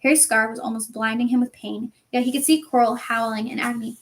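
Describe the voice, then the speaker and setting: Female narrator for a novel reading, expressive and dramatic, voice slightly high. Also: fast talker. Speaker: audiobook reader.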